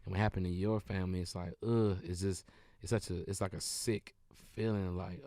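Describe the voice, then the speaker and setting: Low gravelly comedian guy, laid back and rambly, dry close sound. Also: steady tone, normal speed, dry recording. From Detroit. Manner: laid-back, rambling, bursts into loud laughing shouts. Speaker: comedian guest. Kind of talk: casual interview chat.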